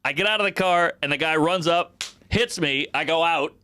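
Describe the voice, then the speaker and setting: A man in his forties from New Orleans spins a wild story with a bright, forceful voice. He jumps into other people's voices and makes the sound effects himself. His voice is slightly high and close to the mic, with no room sound at all. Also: moderate pace, smooth, no room sound. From New Orleans, USA. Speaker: comedian guest. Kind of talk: casual storytelling.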